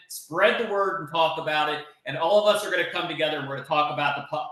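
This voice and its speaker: Bright, preachy man in an echoey room. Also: fairly high pitch. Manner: preachy, rallying, repeats "we're gonna". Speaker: organizer and speaker of a crypto round table. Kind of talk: enthusiastic speech to an online panel.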